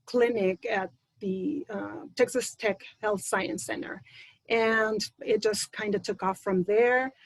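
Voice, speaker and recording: A woman's voice: medium pitch, no echo, low-quality recording. A woman who teaches speech pathology, talking casually on a panel, with frequent ums. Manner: conversational, many ums. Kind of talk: panel introduction, casual storytelling.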